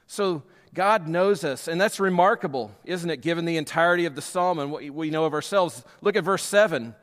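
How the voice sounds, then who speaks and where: A man's voice: on the high side, fairly bright tone, big-room sound. A man preaching a sermon as a pastor, emphatic, with his delivery rising and falling in force.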